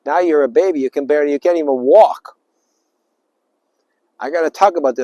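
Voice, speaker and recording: A man giving an informal spiritual talk, rambling and emphatic, with sudden loud bursts and little acted-out voices. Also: on the high side, brisk, long pauses, no room sound. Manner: acts out little voices and sounds. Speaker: spiritual speaker.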